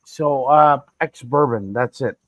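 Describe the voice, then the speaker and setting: A man chatting casually on a livestream, pausing often with ums and uhs as he talks. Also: mid-range voice, a bit bright, no room sound. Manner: hesitant, full of ums and uhs. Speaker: guest on stream. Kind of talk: casual chat.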